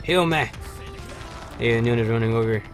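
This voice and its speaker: A man hosting a livestream, chatting casually over gameplay with lots of fillers and sudden excited shouts. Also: mid-range voice, normal speed, soft background music. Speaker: livestream host.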